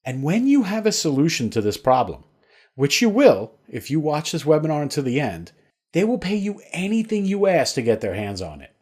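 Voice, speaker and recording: A man's voice: a little high, sing-song, normal speed, darkish tone, husky. A man narrating a scripted sales webinar in an upbeat promotional manner.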